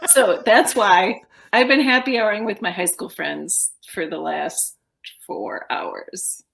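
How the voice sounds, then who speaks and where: A woman's voice: medium pitch, expressive, creaky, a bit bright. A tipsy woman with a Minnesotan accent chatting as a guest in an interview, giggly and drawling. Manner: giggly, drawn-out words. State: tipsy, drunk. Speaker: guest comedian. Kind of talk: casual interview chat.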